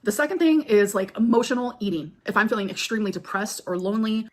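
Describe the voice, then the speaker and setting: A woman's voice: medium pitch, fast, darkish tone. A woman vlogger answering viewer questions in casual chat, rambling with lots of fillers and getting emotional.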